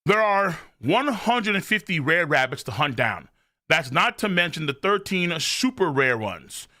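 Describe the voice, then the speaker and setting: A man's voice: fairly high pitch, sing-song, a little slow, sharp tone, full character voice. A man voicing a cruel noble who hunts people for sport, in a taunting, smug tone.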